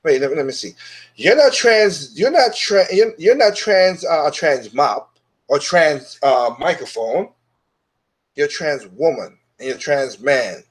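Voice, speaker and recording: Dude ranting casually on his own show, blunt and dismissive, kinda high voice. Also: expressive, takes it slowly. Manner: blunt and dismissive, restarts often. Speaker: host of an opinion show. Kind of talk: casual opinion monologue.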